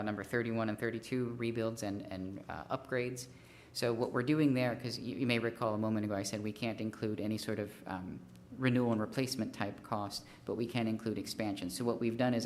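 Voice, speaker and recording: Low-voiced man giving a methodical presentation. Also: slight background noise. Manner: methodical, figure-heavy, frequent fillers and restarts. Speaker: consultant presenting a fee study. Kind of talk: formal presentation at a city council meeting.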